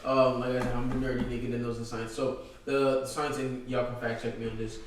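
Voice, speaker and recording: A man from Nigeria co-hosts a casual podcast chat, telling stories in a loud, animated way. His voice bounces around a very echoey room. He sits a little away from the microphone. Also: medium pitch, a little fast, distant mic, a little hiss or hum. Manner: loud, animated, laughing storyteller. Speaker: podcast co-host. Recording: roomy echo, voice a bit off-mic.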